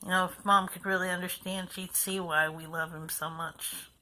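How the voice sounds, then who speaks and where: A woman's voice: fairly low pitch, little pitch movement, moderate pace, pushed and bright, slight background noise, low-quality recording. A woman talking in an emotional, heartfelt personal vlog, rambling and sighing now and then. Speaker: vlogger.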